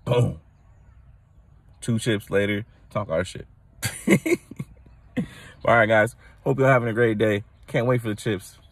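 A man hosting his own podcast, talking loosely and excitedly, rambling with restarts and laughing at his own jokes, a bit tired from little sleep. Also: lowish voice, normal speed, no room sound. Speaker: podcast host. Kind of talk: casual solo podcast rant.

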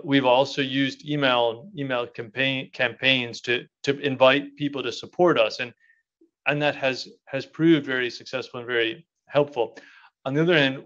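Solemn monk giving a keynote. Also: male voice, medium pitch, fairly bright tone, dull audio. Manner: measured and solemn in the speech, hesitant with many fillers in answers. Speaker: monastic prior giving a keynote. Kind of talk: formal keynote speech, then Q&A answer. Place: conference hall.

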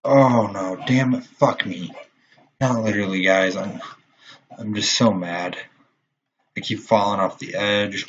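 A young man commentating his own gameplay, swearing often and quick to get frustrated. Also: on the low side, fairly even intonation. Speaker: gaming channel host. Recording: dull lo-fi mic with faint noise.

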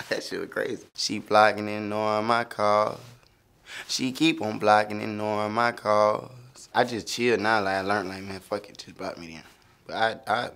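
A man's voice: on the low side, gravelly, fairly bright tone. A young man talking casually through his own song lyrics, loose and laughing, slipping into sung lines now and then. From Florida. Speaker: rapper explaining his lyrics.

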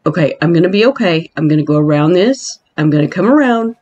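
A woman casually narrating a video game island tour, giggly and excitable, with playful squeals of mock fright and laughter at her own jokes. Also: on the low side, fairly quick, slightly rough, lo-fi sound. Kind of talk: casual gameplay commentary.

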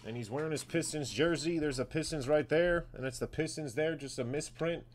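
A man hosting a live sports card break, calling out each card and getting excited over big pulls. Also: on the high side, brisk, slight background noise.

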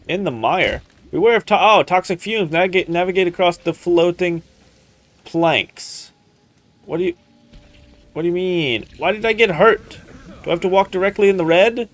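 A man's voice: high-pitched, moderate pace. A man streaming a video game, chatting casually and exclaiming at what happens, in a playful put-on country accent. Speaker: gaming streamer. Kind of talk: casual let's-play commentary.

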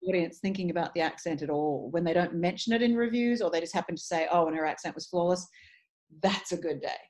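Interviewed about her work, a woman voice and dialect coach speaks quickly in a lowish voice. She's articulate and full of energy, restarting phrases now and then.

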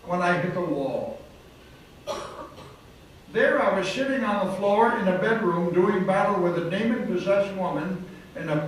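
A man's voice: high voice, fairly bright tone. A male preacher telling a dramatic story in a sermon, recorded in a hotel event hall. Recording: echoey hall from far off, faint noise.

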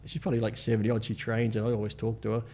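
A man's voice: on the low side, completely flat delivery, warm tone. A man in his fifties, a podcast guest telling casual stories, swearing freely and acting out what people said. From Australia. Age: 50s. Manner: rapid, laid-back, swears freely, acts out quotes. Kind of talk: casual storytelling interview.

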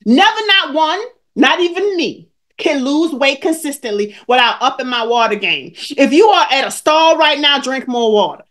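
A weight-loss coach in her 40s or older hosts a live stream, her high-pitched, fairly bright voice expressive and moving at a moderate pace. She coaches viewers emphatically and preachily, repeating her points and calling out people in the chat by name.

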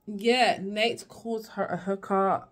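A woman's voice: mid-range voice, steady tone, slow pace, fairly bright tone. Woman chatting through a show recap, rambly, lots of ums and restarts, acts out the lines. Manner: rambling, many fillers and restarts, acts out quotes. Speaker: TV series reviewer. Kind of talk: casual recap vlog.

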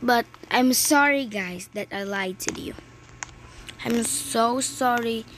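A woman from the Philippines, giving excitable, chatty commentary on her gameplay with many exclamations. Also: a little high, slow. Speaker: gaming channel host. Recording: clear background noise with clicks.

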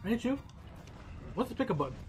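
A man co-hosting a casual game playthrough, joking, laughing often and breaking into excited exclamations. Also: high voice, fast, a little hiss or hum. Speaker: let's play co-host. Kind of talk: casual gameplay chat.

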